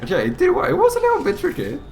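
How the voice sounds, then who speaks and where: A man's voice: very high voice, huge pitch swings, racing, vocal fry, faint music behind. A man livestreaming himself playing games, chatting casually, swearing often and laughing at himself. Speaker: streamer. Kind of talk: live gameplay commentary.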